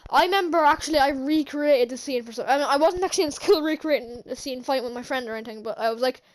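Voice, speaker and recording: A high-pitched woman who talks fast, this channel host and film reviewer casually recaps a movie for her vlog. She rambles, using many fillers and restarts, and chuckles often while recounting scenes.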